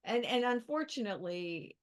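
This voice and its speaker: A woman's voice: fairly high pitch, lively intonation, normal speed. A woman hosting a podcast interview, talking casually as she sets up questions. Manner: conversational, with fillers and restarts. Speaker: podcast host.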